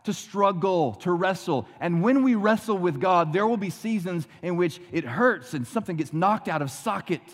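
A man's voice: high voice, lively intonation, moderate pace, hardly any pauses. Preaching man with a ringing hall echo. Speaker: pastor. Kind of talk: sermon.

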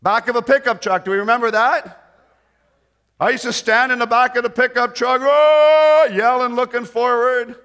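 High, bright-voiced older preacher. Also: male voice, flat delivery. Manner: swings from hushed prayer to loud, fast storytelling. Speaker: pastor. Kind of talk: sermon.

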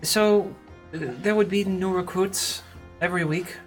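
A woman's voice: medium pitch, steady tone, unhurried, faint music behind. A woman acting as game master, explaining rules and narrating scenes with easy fillers.

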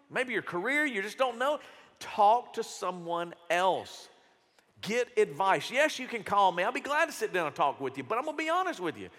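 Lively fifty-something pastor preaching. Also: male voice, high-pitched. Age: 50s. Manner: conversational, acts out quotes, direct. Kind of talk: sermon. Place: church hall. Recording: echoey church hall.

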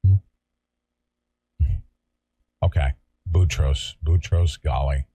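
A man from California hosting a talk show, ranting loudly and sarcastically in a combative way. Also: extremely low pitch, fairly even intonation, drawn-out words, breathy edge. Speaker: show host. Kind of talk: heated talk-show rant.

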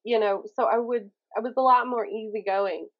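Woman with a Southern accent, fairly high voice, lively and self-mocking, slightly muffled lo-fi audio. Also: normal speed. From Mississippi. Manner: animated, self-mocking, acts out quoted voices. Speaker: guest, YouTuber. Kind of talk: casual podcast chat.

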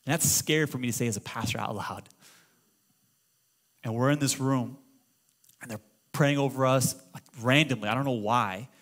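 A middle-aged man preaching a sermon as pastor, moving between loud exclamations and hushed storytelling. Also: medium pitch, moderate pace, pauses often. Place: church auditorium.

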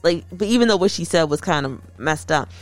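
Chatty, animated woman in dry close sound. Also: lowish voice, a little fast, dry recording, soft background music. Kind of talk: casual chat.

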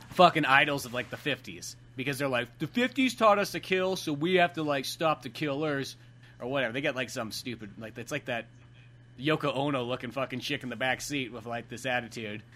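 A man's voice: mid-range voice, fairly bright tone. A man chatting casually and profanely about a film, rambling with lots of fillers.

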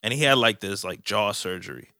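A man's voice: lowish voice, a little fast, gravelly, sharp tone, no echo, clean studio sound. A man co-hosting a podcast, joking around and swearing often. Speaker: podcast co-host. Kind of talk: casual podcast chat.

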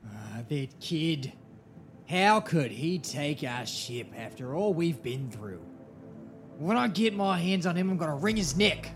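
A man voicing a brooding male ship captain who mutters slowly and mournfully. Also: fairly high pitch, big pitch swings. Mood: grumbling. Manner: slow, mournful, muttering grumbles. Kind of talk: audio drama acting. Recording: music score playing underneath.

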